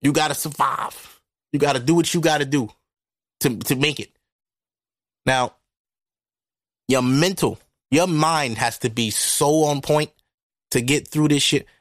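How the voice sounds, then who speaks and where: A man talking straight into a studio microphone in a blunt, profane, animated monologue. His voice sits a little high, and the recording is close and dry with no room sound. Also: unhurried, pauses often, no room sound. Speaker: podcast host. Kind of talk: casual monologue.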